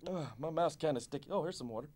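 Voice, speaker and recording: An actor playing a goofy, hyper male sports coach who loudly leads kids through a workout in an educational video. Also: fairly high pitch, quick pace, natural voice. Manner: loud, pep-talking, bossy and playful. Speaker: fitness coach.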